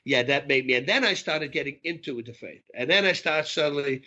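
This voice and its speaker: Bright-voiced middle-aged man telling stories. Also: a little high, brisk, dull audio. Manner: animated storyteller who acts out dialogue. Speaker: podcast guest. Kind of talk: storytelling interview talk.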